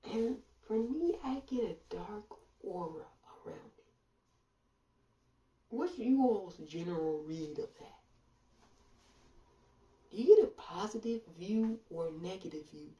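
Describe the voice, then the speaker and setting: A woman commentator delivering a sarcastic monologue full of rhetorical questions and drawn-out pauses. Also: medium pitch, lively intonation, mellow, far from the mic. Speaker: online commentator. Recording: roomy echo, voice away from mic.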